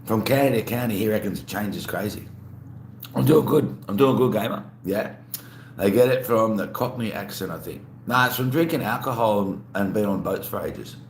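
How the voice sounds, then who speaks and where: An easygoing Australian man with a lowish, expressive voice speaks at normal speed while hosting a casual livestream. Between bites, he rambles, greets viewers, and answers chat messages out loud. The room sounds echoey, with a faint hum underneath.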